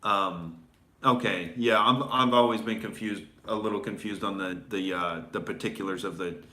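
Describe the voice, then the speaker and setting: A man's voice: on the low side, normal speed, pushed and bright. A male comedian hosting a casual commentary show, rambling with fillers and restarts in a sarcastic tone. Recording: echoey room.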